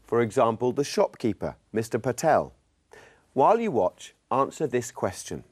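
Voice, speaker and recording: A man co-presenting a scripted English lesson in a friendly, clear, instructive tone. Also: medium pitch, sing-song, moderate pace, darkish tone.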